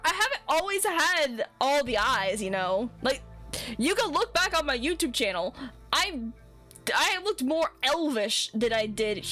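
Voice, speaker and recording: A woman's voice: sits high, pushed and bright. A young woman chatting casually as a streamer, rambling and swearing with lots of restarts. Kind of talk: casual chat while rigging a model.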